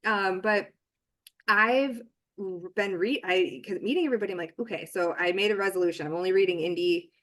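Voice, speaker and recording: A woman's voice: medium pitch, a little fast, a bit bright. A woman author in a casual podcast conversation, talking in a rambling way with many restarts and fillers.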